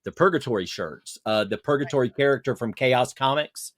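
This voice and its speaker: A man's voice: medium pitch, fairly quick, a bit bright, no echo. Rambling man on a dry call. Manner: rambling, many fillers and restarts. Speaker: podcast guest. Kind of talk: casual video-call chat.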